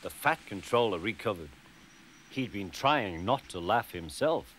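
Unhurried, expressive male storyteller. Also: on the low side, a little hiss or hum. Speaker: narrator. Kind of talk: scripted storybook narration. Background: music.

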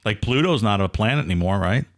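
A man's voice: lowish voice, lively intonation, fast talker. A man co-hosting a podcast, teasing sarcastically in casual banter. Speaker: podcast co-host.

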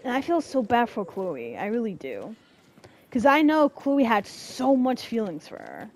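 A woman commenting over a game she's playing, slangy and profane, reacting with big emotion. She talks slowly with a lot of swing in her pitch. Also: wildly swooping pitch, a little mellow. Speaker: gaming streamer. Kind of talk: let's play commentary.

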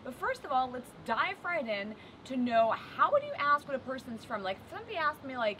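A young adult French woman with a French accent, teaching a lively video language lesson and mixing in French example phrases. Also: sits high, brisk, few pauses. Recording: noticeable background noise.

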